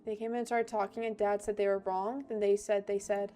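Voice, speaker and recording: A woman's voice: medium pitch, little pitch movement, dark tone, soft background music, lightly acted. Woman doing a timid, grieving little girl. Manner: small, hesitant, halting.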